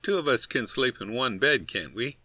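A man voicing a cheerful, easygoing male friend in a storybook reading, in a lighter, higher voice. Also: lively intonation, moderate pace, sharp tone, no echo. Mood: breezy.

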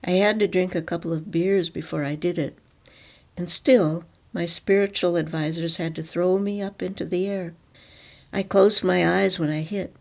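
A dead father's spirit speaks in a solemn, quiet voice, read by a woman in her own voice. The tone is slightly raised and a touch louder than the telling around it, with a gravelly edge. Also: fairly low pitch, fairly even intonation, moderate pace.

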